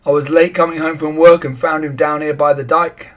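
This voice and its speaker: A man voicing a gruff grown man carrying a lantern in a storybook, speaking with a growl and loud calls. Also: fairly high pitch, flat delivery, a little fast, voice pushed up, natural voice.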